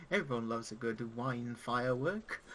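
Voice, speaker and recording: A man chatting casually while co-reading a game on stream, quick to laugh and make jokes. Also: mid-range voice, expressive, a bit bright, rough recording. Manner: laughs easily, joking asides. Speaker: co-host and reader.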